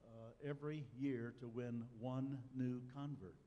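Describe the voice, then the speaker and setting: Preaching at a measured pace, an older pastor with a steady, mid-range voice recounts a personal story in a folksy, dryly humorous way. The audio is dull, and the sanctuary adds long reverb and faint ambience.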